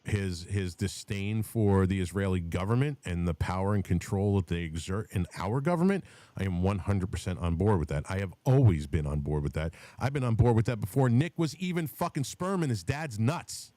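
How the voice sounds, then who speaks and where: Low-voiced guy hosting a podcast, swearing a lot, heated rambling stories, dry close sound. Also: lively intonation, moderate pace, dark tone, no room sound. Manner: profane, heated storytelling with restarts. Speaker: podcast host. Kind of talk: casual political chat.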